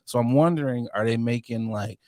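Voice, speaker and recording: A man co-hosting a podcast in casual chat, animated and laughing often, acting out quotes in put-on voices. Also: mid-range voice, fairly quick, no room sound, clean studio sound. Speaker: podcast co-host.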